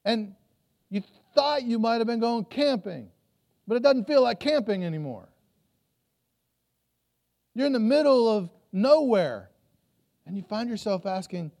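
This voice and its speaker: High-pitched guy preaching in church, tells the story and does the crowd's voices. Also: lively intonation, unhurried, pauses often, darkish tone. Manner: storytelling, acts out crowd voices, repeats words. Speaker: pastor. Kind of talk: sermon.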